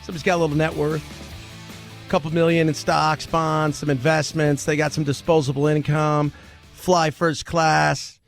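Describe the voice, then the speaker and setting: A man hosting a talk radio show, chatting in a joking, animated way and laughing often. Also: a little high, moderate pace, gravelly, soft background music. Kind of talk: casual talk radio monologue.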